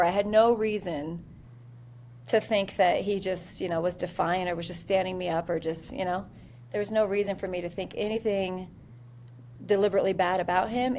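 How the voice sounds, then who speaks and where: A military leader in her forties, appearing as an interview guest, tells a candid story with a mid-range voice. She's lively and self-deprecating, using many fillers.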